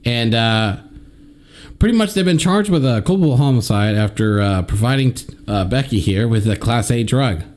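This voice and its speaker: A young man co-hosting a casual podcast, his voice swinging up and down as he reads a news story aloud. He keeps it jokey and loose, at a middle pitch. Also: expressive, moderate pace, darkish tone. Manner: jokey, reads quotes in exaggerated high put-on voices. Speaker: podcast co-host.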